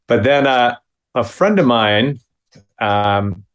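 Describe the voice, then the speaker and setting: Brief: fifties male comic actor from Minnesota, mid-pitched, spinning an animated anecdote with chuckles and acted-out voices. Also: slow, smooth. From Minnesota, USA. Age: 50s. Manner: lively anecdote, acts out the other voices with big pitch jumps, chuckles. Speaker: guest, comedy actor. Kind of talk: casual storytelling.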